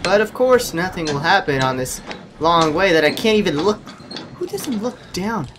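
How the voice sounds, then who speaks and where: This gameplay commentator has a high, very animated voice and speaks at a moderate pace while playing a horror game. He cracks jokes, chats with the characters on screen, and lets out yelps and shrieks at the scary parts, all captured in a noisy home recording.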